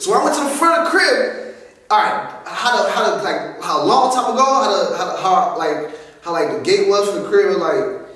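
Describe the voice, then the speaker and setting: A young man hosting a podcast, telling a story in an animated, profane way, packed with slang and fillers. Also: sits high. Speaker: podcast host. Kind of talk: casual comedic storytelling. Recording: echoey room, mic far off.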